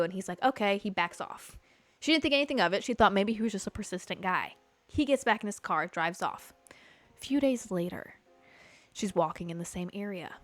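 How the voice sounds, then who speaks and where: A young woman hosting a podcast, telling a story in casual chat, animated, full of fillers and swearing. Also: medium pitch, brisk, no echo. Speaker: podcast host. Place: Los Angeles.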